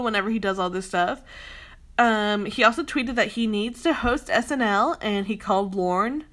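A woman's voice: a little high, a bit bright. A young woman ranting heatedly in a commentary vlog, emphatic and swearing often, with a lot of "like" fillers. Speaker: commentary vlogger.

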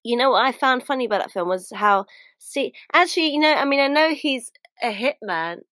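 A woman's voice: sits high, lively intonation, a little fast, a bit bright, no echo. A woman chatting casually about films as a podcast co-host, rambling and restarting her sentences. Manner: chatty, rambling, trails off and restarts mid-thought. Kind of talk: casual film chat.

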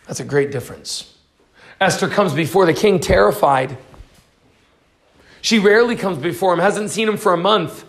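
High-voiced man preaching a sermon. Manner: expository preaching, reading scripture aloud then explaining. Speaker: pastor.

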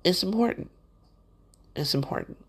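A woman's voice: lowish voice, animated, normal speed, slightly rough. A woman hosts a motivational podcast and talks straight to the listener. Her delivery is conversational and encouraging, like a casual pep talk. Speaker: podcast host.

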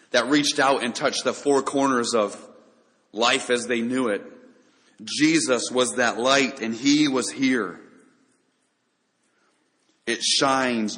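A man delivering a sermon in an earnest, direct way, often posing rhetorical questions to his listeners. His voice sits at an ordinary pitch for a man. A long reverb trails each phrase, as in a large hall. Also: fairly bright tone. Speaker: pastor.

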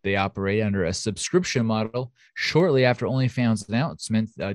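A man's voice: medium pitch, dry recording, studio quality. A man hosting a casual podcast, reading news stories in a jokey way, often laughing. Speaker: podcast host.

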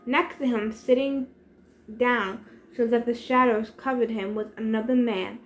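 A woman reading a novel aloud in steady first-person narration. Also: on the high side, unhurried. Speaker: reader. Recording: echoey room, faint hiss.

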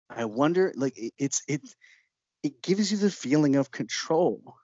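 A man's voice: a little high, a little slow, no echo. Dull-sounding man telling a story. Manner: lively storyteller who laughs often and acts out quotes. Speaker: documentary filmmaker. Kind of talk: interview anecdote.

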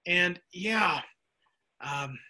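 Bright high-voiced man teaching Bible study. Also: expressive, very slow. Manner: chatty, jokey asides, restarts mid-sentence; answers viewers' typed questions. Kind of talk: casual Bible study lesson.

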